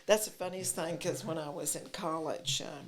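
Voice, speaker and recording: An older woman, a city mayor with a deep voice and thick Texas accent, tells stories at a moderate pace as a guest in a casual interview, often acting out both sides of past conversations. A crowd can be heard in the background.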